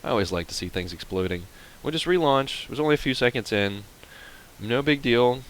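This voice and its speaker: A man giving casual, rambling let's-play commentary, mocking himself and now and then yelping with excitement. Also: mid-range voice, brisk, poor audio. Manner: self-mocking, rambling, bursts into excited yelps.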